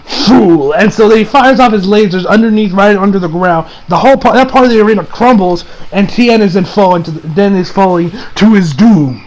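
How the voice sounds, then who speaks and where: A man giving a casual, excited review of an anime episode, often laughing and acting out lines from the show. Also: high-pitched, brisk, few pauses, low-quality recording. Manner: excited, laughing, acts out quotes in funny voices.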